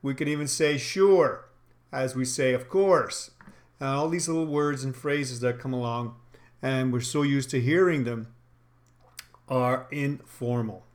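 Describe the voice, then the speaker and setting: A man's voice: medium pitch, steady tone, normal speed. A man teaching retail sales, talking in an instructional, emphatic way and acting out sample phrases. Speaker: sales trainer. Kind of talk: instructional talk.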